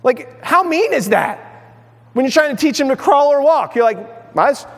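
High-voiced middle-aged male pastor preaching. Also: normal speed, vocal fry. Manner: animated, acts out everyday voices with humor. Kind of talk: sermon. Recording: long reverb of a large hall.

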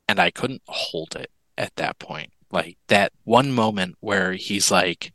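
A man who is a guest on an interview podcast, telling a personal story in an earnest, candid way with halting restarts. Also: low voice, pushed and bright, dry recording, poor audio.

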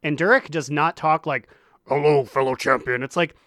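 Male podcast co-host, animated retelling, clean dry close-mic tone. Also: on the high side, moderate pace, no room sound. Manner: animated storytelling, acting out characters' lines. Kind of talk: casual gaming podcast chat.

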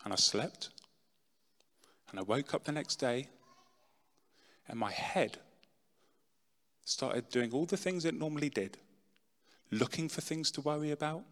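A middle-aged man giving a dramatic personal testimony talk, swinging from loud, pushed lines to hushed ones. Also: on the high side, lively intonation, unhurried, pauses often. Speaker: speaker telling his testimony. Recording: long reverb in a large hall.

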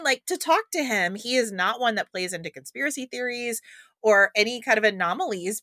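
Bright bubbly woman podcast host. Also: on the high side, no room sound, studio quality. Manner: bubbly, quick, laughs often. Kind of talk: casual podcast chat.

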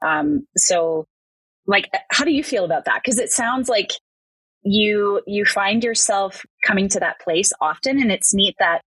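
A woman's voice: mid-range voice, unhurried, fairly bright tone, slightly rough, dry recording, low-quality recording. A woman hosting a podcast interview, talking in a thoughtful, rambling way with many restarts and fillers. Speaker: podcast host. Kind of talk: reflective conversational interview.

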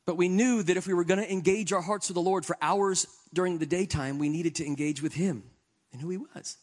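A man preaching a sermon in an earnest, conversational way, shifting between quiet reflection and emphatic stretches. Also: high voice, fairly quick.

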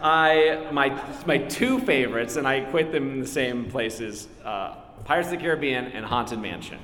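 At a live convention panel, a middle-aged voice actor fields questions in a medium-pitched, moderately paced voice, chatty and self-deprecating with frequent laughter. The hall is echoey, with a faint crowd murmur behind him.

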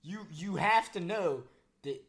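A man's voice: high voice, lively intonation, takes it slowly, fairly bright tone, breathy edge. Young man chiming in with advice. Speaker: co-host. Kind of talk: casual comedic chat.

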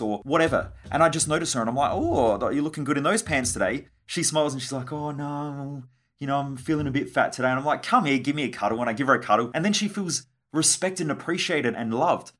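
Husky, fast-talking man. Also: mid-range voice, a bit bright. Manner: blunt, swears freely, acts out quoted conversations. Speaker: podcast host. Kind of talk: solo podcast monologue.

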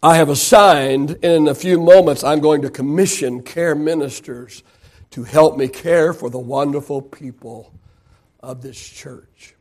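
A high-pitched man preaches from the pulpit. He pushes his voice up on key points and asks the congregation questions before answering them himself. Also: measured pace, a little mellow. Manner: preaching with rising emphasis and rhetorical questions. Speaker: pastor. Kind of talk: sermon.

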